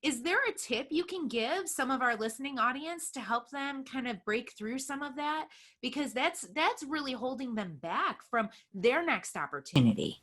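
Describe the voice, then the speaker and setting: Woman, podcast host, bright sharp voice, slightly high, encouraging. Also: animated, normal speed, few pauses. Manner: encouraging, affirming, reflective. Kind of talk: podcast interview conversation.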